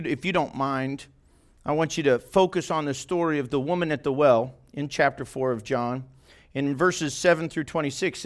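A man preaching an informal sermon to a small group, talking conversationally and often asking his listeners questions. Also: a little high. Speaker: pastor. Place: church meeting room, live-streamed.

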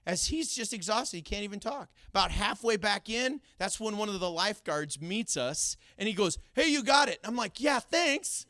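A middle-aged man preaching a sermon, telling a personal story in an animated way with laughing asides. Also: sits high, moderate pace, hardly any pauses, no echo, studio quality. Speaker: pastor.

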